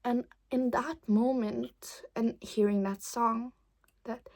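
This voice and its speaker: A woman's voice: on the high side, steady tone, slow pace. A teenage girl chatting casually to camera, rambling and hesitant with many fillers, sometimes dropping to a whisper. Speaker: vlogger. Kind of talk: casual chat.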